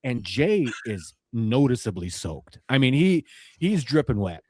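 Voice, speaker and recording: A man's voice: medium pitch, sing-song, a little slow, warm tone, a little hiss or hum. A man hosting a podcast, telling a long funny story in a casual way, laughing often and swearing freely. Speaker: podcast host.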